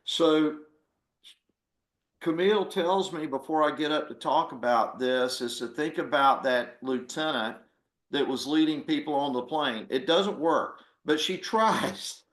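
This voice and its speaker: A man's voice: a little high, unhurried, fairly bright tone, roomy sound. A man, a former army officer and author, talking earnestly and with feeling in a conversation over a video call. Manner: earnest, heartfelt, voice catching with emotion.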